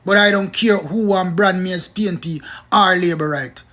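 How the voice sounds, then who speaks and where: Jamaican guy ranting about politics, kinda high voice, repeats himself, patois mixed in. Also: moderate pace, pushed and bright. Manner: heated, emphatic, repeats points, slips into patois. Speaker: political commentator. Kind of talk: opinion monologue.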